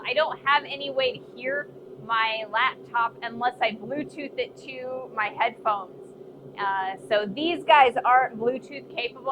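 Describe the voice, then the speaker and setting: A woman's voice: high voice, background noise. A woman with a Midwestern accent chatting casually with her live-stream viewers from her forge, laughing often and poking fun at herself. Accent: American Midwest. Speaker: blacksmith streamer. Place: forge workshop.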